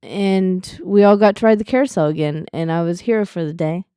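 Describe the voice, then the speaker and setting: A woman's voice: on the low side, a little fast, mellow, smooth, no room sound, clean studio sound. A young woman co-hosting a talk show, chatty and self-mocking. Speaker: radio show co-host. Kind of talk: casual chat.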